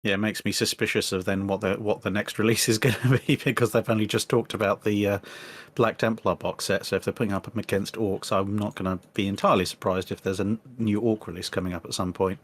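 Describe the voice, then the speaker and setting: Low-voiced man, hesitant dry guest. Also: steady tone, fast, hardly any pauses. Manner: hesitant, self-deprecating humor. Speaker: podcast guest. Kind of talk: casual chat.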